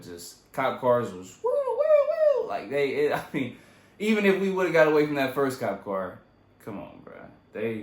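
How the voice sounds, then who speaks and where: A young man casually retelling his own story in a loose, profane, animated way. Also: lowish voice, echoey room. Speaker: vlogger.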